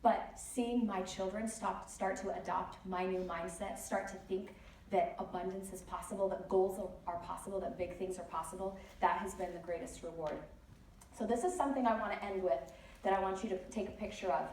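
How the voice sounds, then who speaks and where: A woman speaker giving a lively motivational talk at a conference, telling stories with many chatty asides. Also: medium pitch, brisk. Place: large conference hall. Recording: echoey hall, distant mic, faint noise.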